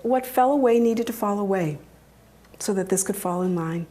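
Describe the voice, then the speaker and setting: Woman, middle-aged, lively storyteller, chatty talk, laughs between anecdotes. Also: normal speed. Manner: animated, acts out quoted voices with big pitch jumps; laughs often while telling stories. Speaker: speaker giving a talk.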